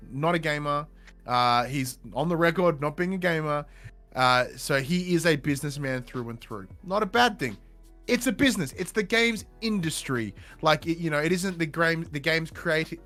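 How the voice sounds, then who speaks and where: Guy hosting a podcast, pitch sits kinda high, gets animated and emphatic, faint music under it. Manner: animated, emphatic, swears casually. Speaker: podcast host. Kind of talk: casual podcast chat.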